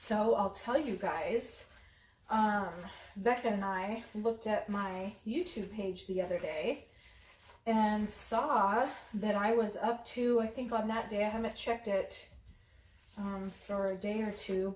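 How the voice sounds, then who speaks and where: This home cooking vlogger talks in a mid-range, slightly mellow voice at a slow pace, chatting casually and rambling with many ums as she cooks. The mic sits away from her in an echoey room, and there's a bit of background noise.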